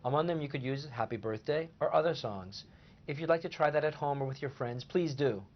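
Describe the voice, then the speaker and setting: A man co-hosting a short scripted language lesson, explaining points in a steady way. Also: medium pitch, fairly quick, dull audio. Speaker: language teacher co-host.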